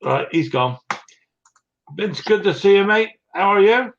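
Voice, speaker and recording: In a muffled recording, a man with a high-pitched, gravelly, slightly bright voice hosts a live stream, speaking animatedly but a little slowly. He reads live comments in a casual chat, greets viewers by name with little chuckles, and is a bit breathless.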